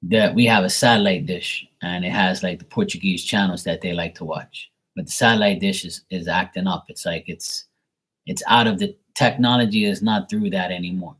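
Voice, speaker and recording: Middle-aged man, husky and lowish; casual venting monologue, exasperated and profane. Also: steady tone, normal speed, fairly bright tone. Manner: exasperated rant with frequent swearing and fillers. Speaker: tarot reader.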